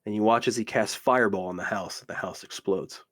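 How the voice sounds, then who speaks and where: Husky-voiced man narrating a tabletop game. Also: on the low side, fairly quick. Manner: rambling, repeats "you watch" and "literally". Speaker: dungeon master.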